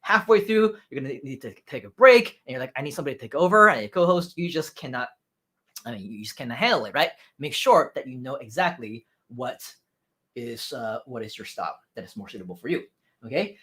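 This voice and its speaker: A man giving a livestream lesson on public speaking. His pitch swings widely and his energy runs high. He keeps tagging his points with "right?" and "you feel me?". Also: animated, a little fast, fairly bright tone, breathy edge. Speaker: speaking coach. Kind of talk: livestream training talk.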